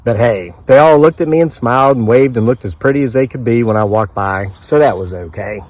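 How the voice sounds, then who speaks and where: A man's voice: medium pitch, brisk, a little mellow. Man reading his own story in the woods. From mid-Atlantic United States. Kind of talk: reading a story aloud with offhand asides. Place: outdoors in the woods.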